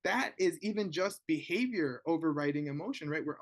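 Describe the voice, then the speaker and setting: A man's voice: a little high, lively intonation, a little fast, few pauses. Chatty man explaining to parents. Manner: conversational, often adds "right?" as a check-in. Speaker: presenter of a parent webinar. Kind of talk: informal educational talk.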